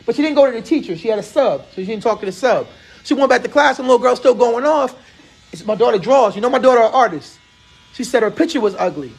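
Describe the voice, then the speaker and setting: A man in his thirties hosts a relaxed chat and tells an animated story. His voice sits very high with a gravelly edge. He talks quickly and slips into each person he quotes. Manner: animated, acts out quoted dialogue. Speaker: host. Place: barbershop.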